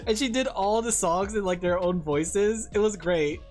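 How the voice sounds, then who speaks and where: A man streaming live, chatting casually in a giggly, rambling way. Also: high voice.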